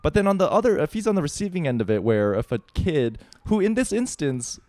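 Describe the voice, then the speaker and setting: A man's voice: a little high, very animated, brisk, darkish tone, dry recording. A man co-hosting a podcast in casual chat, backing up his co-host with short agreements and his own take. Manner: supportive listener, frequent short agreements.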